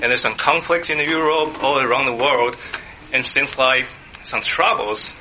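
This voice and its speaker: A man's voice: mid-range voice, unhurried. A man opening a church talk, conversational and asking the audience questions. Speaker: church speaker. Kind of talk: sermon. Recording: noisy background.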